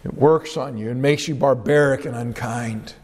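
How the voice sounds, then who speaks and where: A man's voice: medium pitch, moderate pace, darkish tone, big-room sound. A male pastor preaching an expository sermon, reading scripture verses aloud and explaining them with emphasis.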